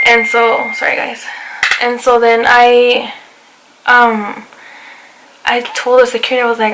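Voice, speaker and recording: A woman's voice: fairly high pitch, normal speed, a little hiss or hum, rough recording. Chatty young woman telling a storytime. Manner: animated retelling, swearing, lots of "I was like". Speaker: vlogger. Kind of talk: casual storytime vlog.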